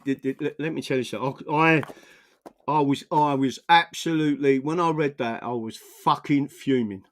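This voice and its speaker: A man from England, delivering an angry, profanity-filled political rant full of stammering restarts. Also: medium pitch. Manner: furious, swearing, stammering restarts. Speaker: political commentator.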